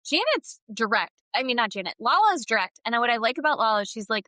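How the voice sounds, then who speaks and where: A woman's voice: a little high, no echo, rough recording. A woman co-hosting a podcast, chatting casually and opinionated about reality TV. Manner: opinionated, fast, animated retellings. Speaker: podcast co-host. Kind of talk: casual chat recapping reality TV.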